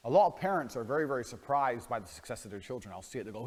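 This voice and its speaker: In played clips, an internet personality delivers a brash monologue, boastful, profane and mocking. His mid-range voice is expressive and racing with hardly any pauses, and the reverberant clips have music underneath.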